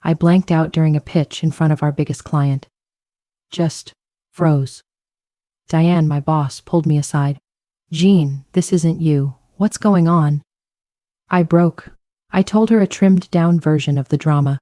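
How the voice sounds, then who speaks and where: Low mellow woman narrating a story. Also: steady tone, normal speed, no room sound, clean studio sound. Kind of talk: first-person story narration.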